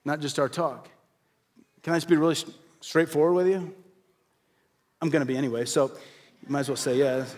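With a fairly high-pitched voice, a man delivers a sermon in a sincere, straightforward manner. He asks rhetorical questions and eases down to quiet stress on the most important phrases.

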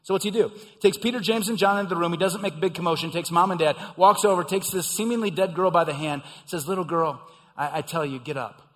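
A man's voice: high voice, quick pace, few pauses. Preaching man in a reverberant hall. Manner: preaching with swells of emphasis and quiet drops. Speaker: pastor. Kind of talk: sermon.

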